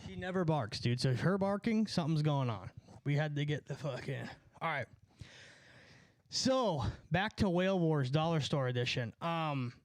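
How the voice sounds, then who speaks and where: A man telling a profane, animated story on a live stream, a bit out of breath. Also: a little high, moderate pace, no room sound. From California. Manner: animated, profane, jumps between story and asides.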